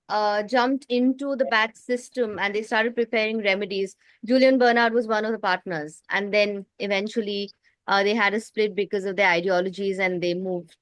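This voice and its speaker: A woman's voice: a little high, a bit bright, no room sound. Woman teaching, voice tiring, dry sound. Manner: explains at length, often restarts phrases. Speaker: support group facilitator. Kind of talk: teaching an online study group.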